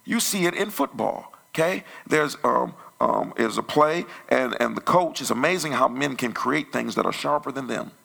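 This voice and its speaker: A male pastor telling a story in a conversational sermon that grows loud and animated. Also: mid-range voice, moderate pace, creaky, hardly any pauses. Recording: church sermon audio.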